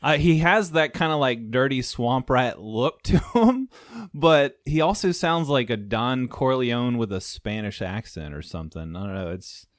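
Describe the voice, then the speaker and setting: A man's voice: mid-range voice, lively intonation, a little slow, no echo, clean studio sound. A man co-hosting a podcast, chatting casually about a movie in a laid-back, rambling way and laughing often. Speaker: podcast co-host. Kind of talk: casual movie review chat.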